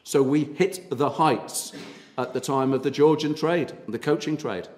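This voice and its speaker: A man's voice: on the high side, unhurried, a little mellow. Chatty man. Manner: chatty storyteller, many ums and uhs. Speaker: tour guide and historian giving a talk. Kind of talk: public talk to an audience.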